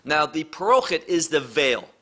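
Male Bible teacher, fairly high voice, emphatic, poses and answers rhetorical questions. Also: sing-song, moderate pace, bright, forceful tone.

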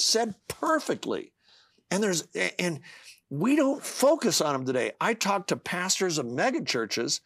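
A man's voice: on the high side, a bit bright, dry recording, studio quality. An older man, an author being interviewed, speaking earnestly and reading scripture aloud with passion. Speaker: author guest.

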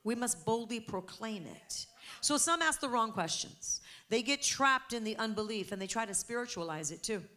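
High bright fervent woman preacher. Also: animated, normal speed. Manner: fervent, emphatic preaching to a congregation. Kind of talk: sermon.

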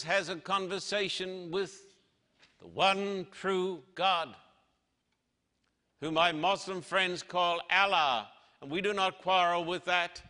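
Male preacher, bright slightly high voice, slow emphatic sermon delivery, long hall reverb.

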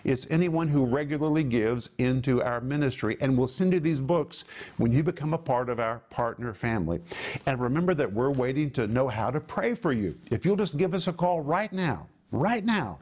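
A man hosting a televised Bible teaching, speaking emphatically and slowing down to stress key words. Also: medium pitch, animated, darkish tone. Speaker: Bible teacher and program host.

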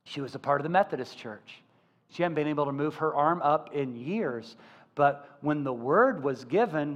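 A male pastor preaching a sermon, telling stories with lively acted-out voices. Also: high voice. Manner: animated storytelling, acting out quoted voices. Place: church sanctuary. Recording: church hall with long reverb.

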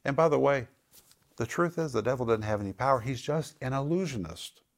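A man teaching scripture on a broadcast program, his voice sitting at an ordinary middle pitch. He hammers his points home by repeating words and slows right down on the key terms. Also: animated. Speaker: Bible teacher.

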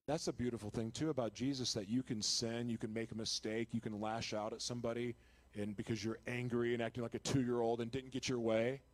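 A man's voice: medium pitch, level tone, a little fast. Earnest man giving a Christian testimony. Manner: earnest and confessional, with restarts and self-deprecating laughs; grows loud and impassioned when retelling his conversion. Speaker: speaker giving a testimony on live TV. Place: television studio.

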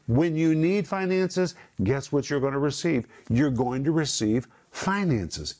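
A middle-aged man teaching from the Bible on a talk program, emphatic and repeating key phrases with slow stress. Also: a little high, darkish tone.

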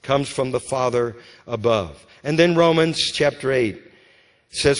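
A man preaching a sermon with a Southern American accent, rising to emphatic calls and dropping to hushed storytelling. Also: medium pitch. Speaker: pastor. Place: church sanctuary. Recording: church hall with long reverb.

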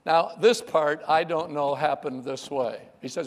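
A man's voice: fairly high pitch, unhurried, in a large hall. A male pastor preaching a sermon emphatically, repeating key phrases and calling on the congregation to respond.

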